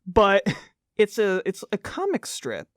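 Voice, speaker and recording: A man's voice: high voice, huge pitch swings, slow pace, a bit bright, dry recording, studio quality. A young man hosting a comedy podcast about the paranormal, joking and hamming things up in a mock-dramatic way. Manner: jokey, theatrical, mock-dramatic. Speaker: podcast host.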